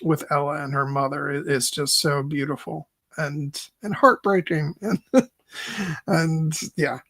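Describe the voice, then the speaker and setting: A man hosting a podcast and chatting casually about films, halting and filler-heavy and given to laughing. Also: on the high side, fairly even intonation, a bit bright, no room sound. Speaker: podcast host. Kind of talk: casual film discussion.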